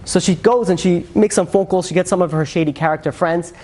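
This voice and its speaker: A man, a rabbi, telling a dramatic story in a sermon, with lively, conversational storytelling that swings into character voices. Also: a little fast. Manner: animated storyteller, acts out characters with shifts in pitch; conversational, many fillers.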